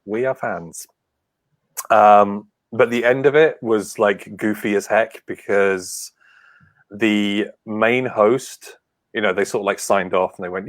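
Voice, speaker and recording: A man's voice: lowish voice, slow, dry recording. A man co-hosting a casual chat, telling stories with lots of acted-out quotes. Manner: animated storyteller, acts out quotes. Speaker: podcast co-host.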